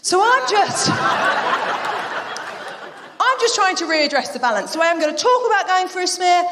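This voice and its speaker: Woman, stand-up comedian, high voice, very animated delivery, swearing, long hall reverb. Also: background noise. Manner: brash, swearing, quick act-outs of others. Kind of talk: live stand-up set. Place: theatre stage before a laughing audience. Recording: roomy hall reverb, live venue.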